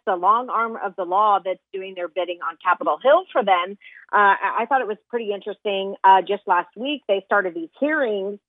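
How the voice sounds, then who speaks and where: A woman's voice: mid-range voice, dry recording. A woman joining a radio show as guest, speaking in an indignant, emphatic way. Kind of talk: phone-in interview. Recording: tinny dry phone line.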